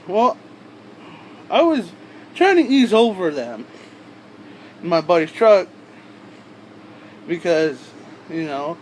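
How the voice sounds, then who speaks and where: Young male vlogger, high voice, rambling and crude, faint hum behind. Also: rough recording. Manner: rambling, profane, with frequent asides and restarts. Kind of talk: rambling casual storytelling.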